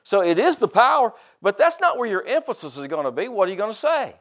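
The older man preaching here is a pastor with a high-pitched, slightly bright voice that moves quickly and swings widely in pitch. In a folksy, conversational sermon, he repeatedly restarts and repeats words and dramatizes quoted voices.

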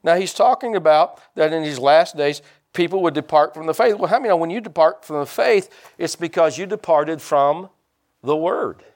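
A man's voice: fairly high pitch, moderate pace. An older man, a pastor preaching a folksy, joking sermon and calling out to his congregation.

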